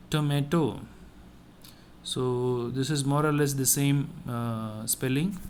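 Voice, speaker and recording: Slow-paced man teaching French vocabulary. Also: mid-range voice, steady tone, a little mellow, a little hiss or hum. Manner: slow, repeats each word several times. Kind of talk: online classroom lesson.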